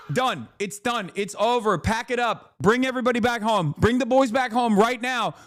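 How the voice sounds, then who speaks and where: High-voiced man ranting on a stream. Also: normal speed, hardly any pauses, no echo, clean studio sound. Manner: profane, excitable rant; shouts in disbelief. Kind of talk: live-stream commentary.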